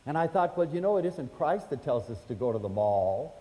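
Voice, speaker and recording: An older man from the United States telling personal stories to an audience, chatty and animated, acting out the voices of the people in them. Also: fairly high pitch, fairly quick, hardly any pauses, a little hiss or hum. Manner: animated, acts out quoted voices, chatty fillers. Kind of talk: storytelling lecture to an audience. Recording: hall reverb.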